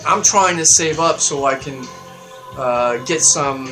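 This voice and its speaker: Guy hosting his own show, heated rant, voice jumps way up and gets loud, faint music in the back. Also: slow. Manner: heated, swings to loud high-pitched outbursts. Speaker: show host. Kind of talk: ranting political monologue.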